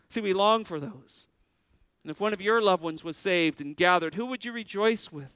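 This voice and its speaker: A man's voice: high-pitched, fast, fairly bright tone, smooth, dry recording, low-quality recording. A male pastor preaching a sermon, earnestly putting questions to his congregation.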